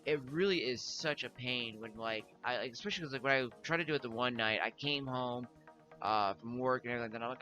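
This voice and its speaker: Young male streamer, rambling casual chat, bright tone, faint music behind. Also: mid-range voice, brisk, highs cut off. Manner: rambling, heavy filler words, laughs often. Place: home room.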